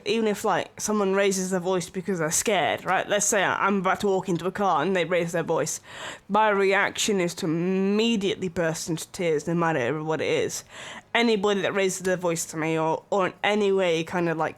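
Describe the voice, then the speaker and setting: A streamer chatting casually and rambling, with lots of filler words and small laughs. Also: mid-range voice.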